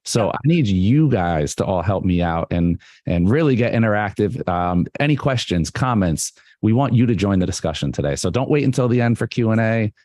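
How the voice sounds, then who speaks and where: A man's voice: on the low side, lively intonation, normal speed, few pauses, a little mellow, no room sound. A man hosting a live online photography talk, playful and joking with his guest. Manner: playful, jokey, puts on a radio voice. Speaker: event host.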